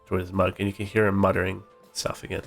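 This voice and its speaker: Game master, man, relaxed descriptive narration, lower pitch. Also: fast, creaky, faint music behind.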